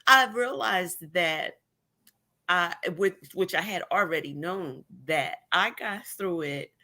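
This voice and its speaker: A woman's voice: on the low side, slow pace, pushed and bright. A middle-aged woman talking candidly with wry humor as a guest about her past with cancer, on a video call. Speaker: guest, cancer survivor blogger. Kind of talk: casual emotional conversation. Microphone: remote video call.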